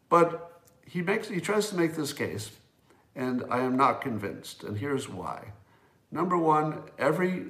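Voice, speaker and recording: Male host, solo commentary, emphatic and chatty, mid-pitched, roomy sound. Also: fairly bright tone. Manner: conversational, emphatic, musing aloud. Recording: roomy echo.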